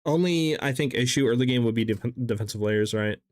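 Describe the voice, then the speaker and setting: A man's voice: mid-range voice, a little fast, no room sound, clean studio sound. A man streaming a game live, chatting casually in a rambling way with lots of fillers as he answers chat.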